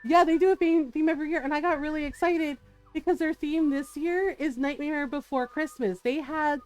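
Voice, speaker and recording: Animated high-voiced woman telling a story. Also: normal speed, faint music behind. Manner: animated, laughing often, quoting others in shifting voices. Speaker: streamer. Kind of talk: casual storytelling chat.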